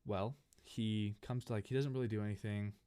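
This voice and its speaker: Young man, from California, slightly low voice, casual storytime, rambling, animated, restarts. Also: brisk, clear, resonant tone. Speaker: gaming channel host. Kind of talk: casual storytime narration over gameplay.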